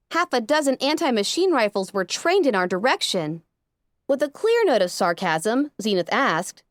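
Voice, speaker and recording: Expressive woman reading a story aloud. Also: a little high, no echo, clean studio sound. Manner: expressive, dramatic first-person reading. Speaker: audiobook narrator. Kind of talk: reading fan fiction aloud.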